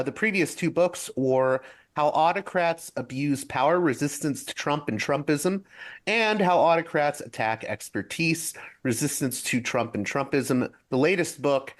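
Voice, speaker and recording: A man hosting a podcast interview, introducing his guest in a conversational way with frequent fillers. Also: medium pitch. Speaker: podcast host.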